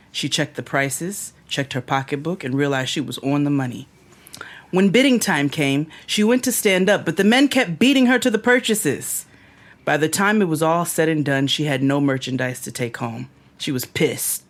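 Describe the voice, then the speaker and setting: A woman hosting a podcast, reading a short comic story aloud and building up to the punchline. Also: deep voice. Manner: builds up to a punchline, then laughs. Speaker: podcast host.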